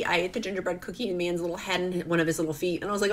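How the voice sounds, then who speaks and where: A woman's voice: medium pitch, racing, hardly any pauses, slight background noise. A middle-aged woman from rural Virginia, crying as she talks in a rambling, confessional vlog. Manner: tearful, confessional, rambling with many "like"s. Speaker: vlogger. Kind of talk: emotional personal vlog.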